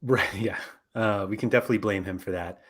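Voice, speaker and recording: A man's voice: lowish voice, fairly even intonation, fast. A man hosting a casual podcast, talking in a rambling way with lots of fillers and self-corrections. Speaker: podcast host.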